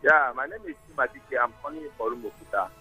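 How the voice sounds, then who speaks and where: A man's voice: mid-range voice, fast talker, sharp tone, breathy edge, soft background music. A Nigerian man calling in to a radio show, aggrieved and emphatic, often checking that the host understands. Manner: aggrieved, emphatic, keeps asking "you understand?". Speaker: caller. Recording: tinny phone line.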